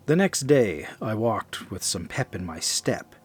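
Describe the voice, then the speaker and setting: A man narrating a first-person horror story in a measured, confessional way. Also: on the low side, very animated, husky.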